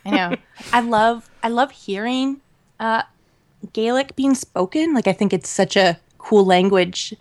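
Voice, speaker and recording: A woman co-hosting a podcast in casual chat, talking in an animated, rambling way with lots of fillers and laughter. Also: on the high side, unhurried. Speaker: podcast co-host.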